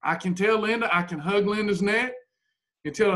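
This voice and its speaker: A man's voice: sits high, moderate pace, pushed and bright. A man leading a weight-loss group, talking in a blunt, folksy, preachy way. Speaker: weight-loss program leader. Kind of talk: motivational talk to a group.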